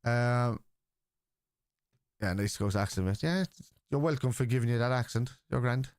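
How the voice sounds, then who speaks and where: A mid-range, slightly mellow, smooth male voice speaks at a moderate pace in a dry recording. He's chatting live on a football stream, fielding viewers' comments casually but bluntly and argumentatively, with plenty of free swearing.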